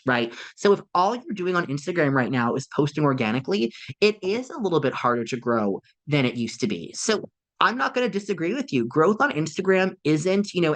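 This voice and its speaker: A man working as a marketing consultant, giving a live webinar presentation in a lively, conversational coaching tone that often checks in with "right?". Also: on the high side. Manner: coaching tone with frequent "right?" tag questions.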